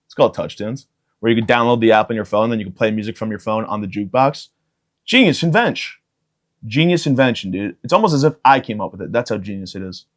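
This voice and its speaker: A man in his thirties, voice lowish, animated and fast, carries his podcast solo. As host he riffs from one joke to the next in a loose, unscripted monologue, swearing freely and mocking himself.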